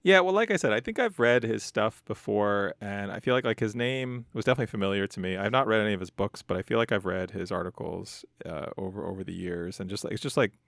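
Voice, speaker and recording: Man, podcast co-host, very deep voice, gravelly, easygoing and hedging, dry sound. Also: fast talker, few pauses, a bit bright, no room sound. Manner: easygoing, hedging, many fillers. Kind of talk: casual chat.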